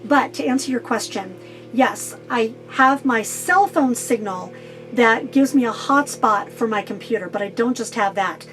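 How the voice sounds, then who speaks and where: A middle-aged woman vlogger answering viewer questions about her life on the road, talking fast and getting straight to the point. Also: on the high side, fairly bright tone, soft background music. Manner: fast, to-the-point talker who cuts out filler. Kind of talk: casual direct-to-camera Q&A.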